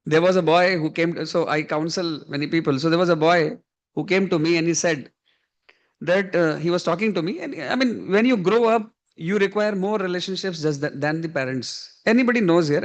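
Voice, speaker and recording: High-voiced man giving a devotional talk. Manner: storytelling, acts out quoted dialogue, frequent soft laughs. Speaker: spiritual teacher and counselor. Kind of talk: devotional lecture with anecdotes.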